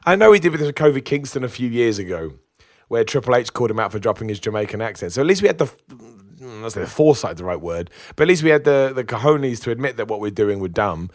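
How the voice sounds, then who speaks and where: Fast-talking opinionated man. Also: medium pitch, big pitch swings, no room sound, studio quality. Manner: chatty, opinionated, with restarts and laughs. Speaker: wrestling show reviewer. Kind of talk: casual spoken review.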